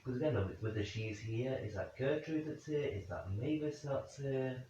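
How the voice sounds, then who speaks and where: A man's voice: medium pitch, animated, moderate pace, mellow, a little hiss or hum. A man investigating the paranormal at night in a room, speculating aloud and calling out questions to spirits. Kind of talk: thinking aloud during a night vigil. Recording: very echoey, distant, dull lo-fi sound.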